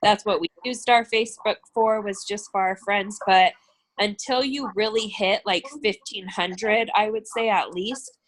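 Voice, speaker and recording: A woman talks casually as a guest on a video call, full of "like" and "um" and quick to laugh. She talks about leading her team in a relaxed, conversational way. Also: medium pitch, low-quality recording. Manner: chatty, filler-heavy, laughs easily.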